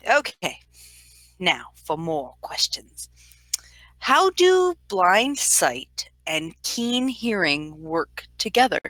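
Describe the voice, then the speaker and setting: Female co-host, lowish and unhurried, wry humor, dry close sound. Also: very animated, a bit bright, no echo. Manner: wry, joking, reads listener questions. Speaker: podcast co-host reading questions. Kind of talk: casual podcast Q&A.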